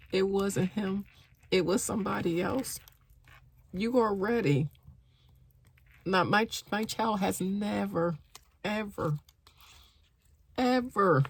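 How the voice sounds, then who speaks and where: A mother telling a personal story in a casual vlog, upset and shaken, halting often and repeating herself. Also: lowish voice, gravelly, a little hiss or hum.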